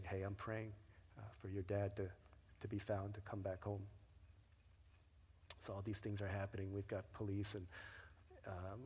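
Low, husky-voiced pastor in a reverberant hall. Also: male voice. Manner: conversational storytelling, acts out quoted voices. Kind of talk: sermon with personal story. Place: church sanctuary. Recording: long reverb of a large hall.

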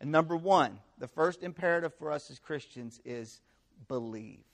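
A young man preaching a conversational sermon to students, with animated storytelling and frequent rhetorical check-ins. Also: fairly high pitch, moderate pace, vocal fry. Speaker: campus pastor.

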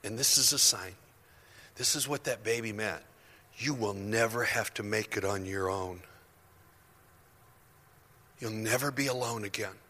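A man preaching a sermon as pastor, impassioned and building to near-shouts. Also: lowish voice, unhurried, pauses often. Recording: long hall reverb.

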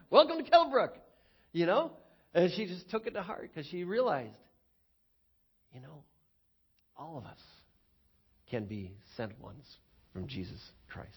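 Husky-voiced man preaching. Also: mid-range voice, a little slow, long pauses. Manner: animated storytelling, acts out quoted voices, chuckles often. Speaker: pastor. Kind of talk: sermon.

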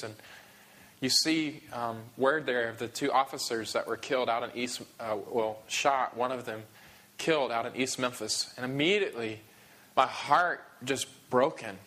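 A man preaching a sermon to his congregation, emotional and halting, often restarting his sentences. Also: mid-range voice, pushed and bright. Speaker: pastor.

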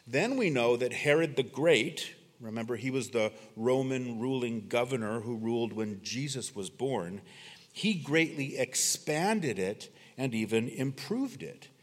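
Man, earnest expository preacher, mid-range pitch, phrase endings drop low, sanctuary reverb. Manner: earnest, dramatic pauses when reading scripture, trailing low at phrase ends. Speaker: pastor. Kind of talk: expository sermon. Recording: long reverb of a church hall.

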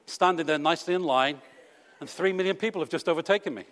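A man's voice: a little high, fast talker, fairly bright tone. A British man preaching a sermon to his congregation in a conversational, teasing way, full of rhetorical questions. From Britain. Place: church hall. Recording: long reverb of a church hall.

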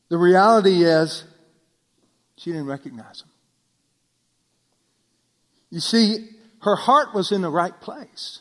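A man with a high voice delivers a sermon in a church with long, ringing reverb. He talks casually, tosses rhetorical questions to the room, and drops almost to a hush to stress key points. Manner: preaching with sudden drops to near-whisper for emphasis; conversational, asks the listeners rhetorical questions. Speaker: pastor.

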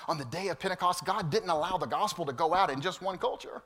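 A man preaching a sermon to his congregation, animated and storytelling, swinging from loud to hushed. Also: high-pitched, a little fast, few pauses. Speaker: pastor. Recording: long hall reverb.

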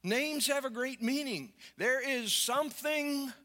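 High, bright-voiced pastor preaching in a hall. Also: male voice, takes it slowly. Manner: folksy storytelling, animated when acting out characters. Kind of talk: sermon.

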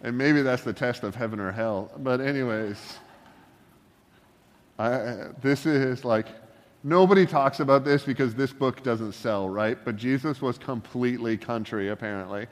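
Joking preacher in a reverberant hall. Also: male voice, mid-range voice, normal speed. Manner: joking, conversational preaching with asides. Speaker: pastor. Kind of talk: sermon.

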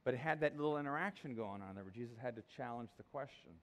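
A man's voice: medium pitch, expressive, quick pace. A middle-aged man preaching a sermon in a conversational way, often restarting his sentences and acting out the voices of people in the story. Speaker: pastor.

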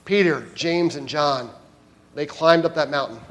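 A man's voice: on the high side, measured pace, a bit bright. A man preaching a sermon as pastor at a church service, addressing the congregation directly and earnestly.

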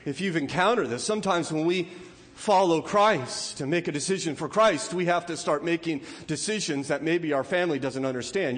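A man's voice: on the high side, big-room sound. A man preaching a sermon in a conversational way, often repeating words and playfully acting out the voices of people in the story. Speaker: pastor.

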